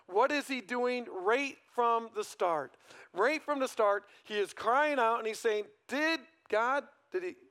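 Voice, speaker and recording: A man with a rather high voice delivers a morning sermon in a conversational, questioning way. He leans on tag questions and lets his voice swell and then fall to a hush to drive home a point. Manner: conversational preaching, frequent "right?" tag questions. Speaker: pastor.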